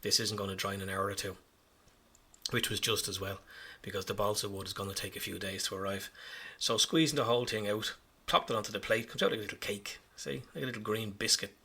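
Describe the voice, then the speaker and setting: A man's voice: fairly low pitch, steady tone, quick pace, bright, forceful tone, breathy edge. A man talking casually over his hobby footage in a chatty, self-mocking way, rambling as he explains each step. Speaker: hobby vlogger.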